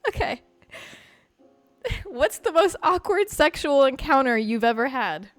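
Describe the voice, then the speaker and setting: A young woman hosting a podcast, rambling frankly through a personal story, laughing often, and she says she is high. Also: big pitch swings, measured pace, no echo, faint music behind. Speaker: podcast host. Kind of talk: casual confessional chat.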